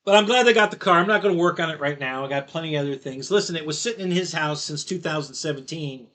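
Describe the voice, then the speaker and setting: A middle-aged man chatting casually as host of a live stream, with a high, bright voice. He tells stories in a loose, rambling way, circling back and laughing at his own jokes. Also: quick pace. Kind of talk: casual chat.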